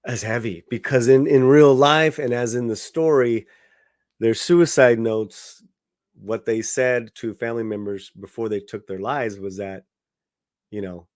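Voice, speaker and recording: A man's voice: mid-range voice, steady tone, a little slow, a little mellow, dry recording, clean studio sound. A man giving a casual spoken film review, conversational, with many fillers and restarts. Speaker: movie reviewer.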